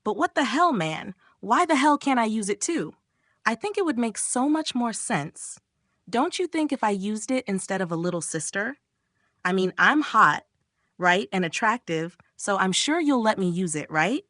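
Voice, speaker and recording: A woman voicing a brazen young woman who teases and pushes in a high, mocking voice. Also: sing-song, moderate pace, a bit bright, no room sound, clean studio sound. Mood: teasing.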